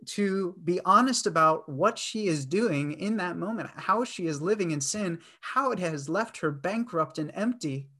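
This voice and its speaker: A man's voice: sits high, lively intonation, measured pace, hardly any pauses, sharp tone. A middle-aged man preaching a sermon in an earnest way, with frequent fillers and restarts. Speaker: pastor.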